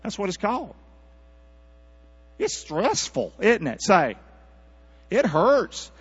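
A man preaching a sermon as pastor, calling out for responses from his congregation and swinging from quiet asides to loud, high-pitched exhortation. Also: slow, slightly rough. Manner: calls for congregation responses, animated rising delivery. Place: church sanctuary. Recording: dull lo-fi church recording with mains hum.

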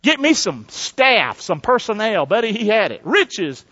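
A man's voice: high voice, very animated, unhurried, few pauses, bright, forceful tone, highs cut off. A male pastor preaching a sermon and calling for responses from the congregation.

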